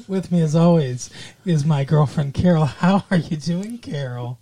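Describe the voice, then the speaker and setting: A man's voice: on the high side, moderate pace, warm tone. Young male co-host, goofy teasing banter, casual show chat.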